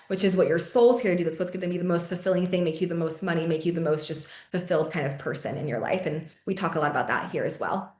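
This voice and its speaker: Chatty young woman telling stories in a roomy space. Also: on the low side. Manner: chatty, filler-heavy, swears often, laughs mid-story. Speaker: podcast host. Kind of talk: casual storytelling monologue.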